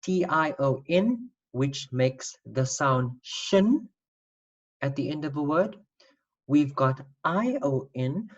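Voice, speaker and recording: A woman's voice: low-pitched, a little mellow, lo-fi sound. A woman teacher giving an online spelling lesson, patiently spelling out letters and repeating sounds.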